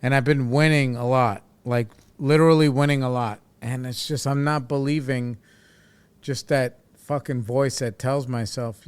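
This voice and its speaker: A man's voice: medium pitch, fairly even intonation, a little slow, clean tone. A man hosting a casual solo podcast, talking in a laid-back, rambling way with lots of fillers and swearing. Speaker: podcast host. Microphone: studio microphone.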